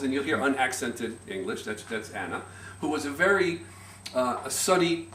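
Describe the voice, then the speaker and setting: A middle-aged man giving a chatty, slightly nervous speech at a family party, telling anecdotes with halting restarts and little chuckles. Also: medium pitch, a bit bright. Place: party room, indoors. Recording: echoey, distant amateur room recording.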